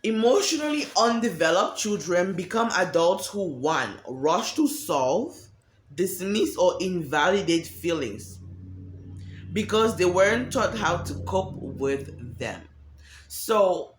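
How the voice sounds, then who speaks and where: A woman's voice: lowish voice, expressive, slow, slight background noise. A woman giving a candid, profane monologue about emotions, acting out quoted voices as she talks. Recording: echoey room.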